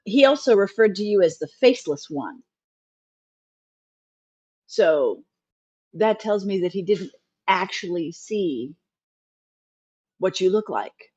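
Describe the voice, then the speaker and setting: A woman's voice: medium pitch, animated, takes it slowly, pauses often, darkish tone, breathy edge, no echo. Woman player on a muffled mic. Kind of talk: in-character tabletop roleplay.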